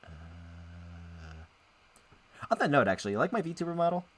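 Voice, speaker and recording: A man's voice: low voice, sing-song, unhurried, husky. A man streaming as a VTuber, chatting casually with viewers as he plays and reads a visual novel, rambling and often interrupting himself. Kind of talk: casual live-stream chat while playing a visual novel.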